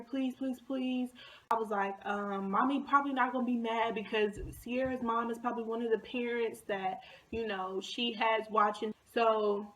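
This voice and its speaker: A young woman vlogger telling a personal story in a casual, slangy way, acting out her own past lines and dropping into hushed asides. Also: fairly high pitch. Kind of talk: storytime vlog.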